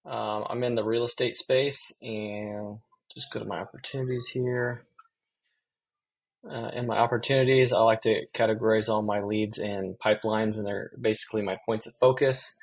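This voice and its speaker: A man's voice: lowish voice, moderate pace, creaky, poor audio. Casual man walking through a tutorial. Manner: relaxed, with many fillers. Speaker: real estate business owner. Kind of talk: casual screen-share tutorial.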